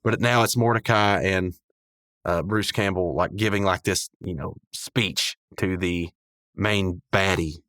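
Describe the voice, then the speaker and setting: A man's voice: deep voice, fairly even intonation, measured pace, fairly bright tone, dry recording, studio quality. A man hosting a podcast, recapping a cartoon episode in a loose, rambling way, full of fillers and little chuckles. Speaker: podcast host.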